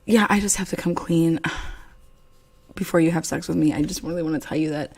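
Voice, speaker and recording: A woman's voice: sits low, a little fast, creaky, darkish tone, husky. A woman hosting a casual livestream chat, telling crude stories and laughing often. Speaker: host.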